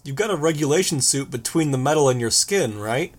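A man doing a brisk armored team leader. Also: mid-range voice, lively intonation, lightly acted. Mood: firm. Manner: brisk, matter-of-fact. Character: steady armored young male team leader.

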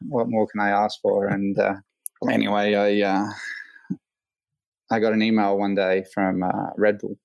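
An Australian man with a fairly low voice tells a long story in a relaxed interview, leaning on fillers and slipping into livelier voices when he quotes people. The sound is dry and close, with no room echo. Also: a little slow, vocal fry, pauses often, highs cut off. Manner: rambling, many fillers, animated quoting. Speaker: hang glider pilot, guest.

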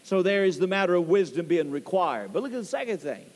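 A man's voice: very animated, fast talker, darkish tone, big-room sound. A male pastor preaching a sermon in a church, emphatic and repetitive, swooping up on key words. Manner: emphatic, repeats key phrases, voice swoops high on stressed words. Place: church sanctuary.

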